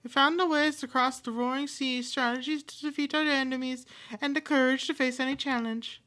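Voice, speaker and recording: Bright-voiced woman reading game lines aloud. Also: sits high, steady tone, brisk. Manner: reads every part aloud, switching voices and accents, sometimes with pirate flourishes. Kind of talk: playful voicing of game dialogue.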